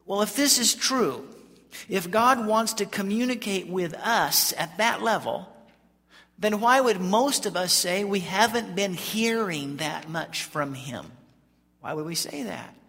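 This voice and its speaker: A man from Colorado, a pastor telling a folksy story in a sermon, animated and lively. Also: high voice, a little slow, creaky, big-room sound.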